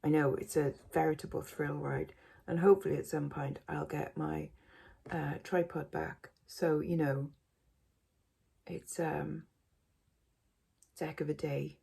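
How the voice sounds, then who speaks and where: A woman's voice: low voice, level tone, measured pace, gravelly, long pauses, mellow, husky. A woman vlogging casually from home, rambling and self-mocking, with many fillers. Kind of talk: casual chat to camera.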